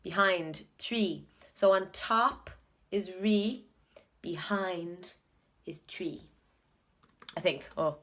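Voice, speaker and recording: Low-voiced Irish woman chatting on her vlog. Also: drawn-out words, pauses often, fairly bright tone. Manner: chatty, thinks aloud, repeats words to practise. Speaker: video blogger learning Korean. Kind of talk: casual study vlog.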